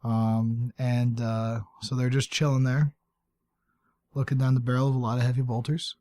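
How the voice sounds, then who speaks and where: A man's voice: medium pitch, level tone, normal speed, darkish tone. A man chatting as a podcast guest about a tabletop game, joking and teasing. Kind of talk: casual chat recapping a tabletop game.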